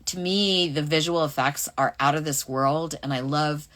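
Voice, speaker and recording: A woman's voice: low-pitched, normal speed, fairly bright tone. A middle-aged voice actress casually answering fan questions on a livestream, reading them aloud and musing over her answers.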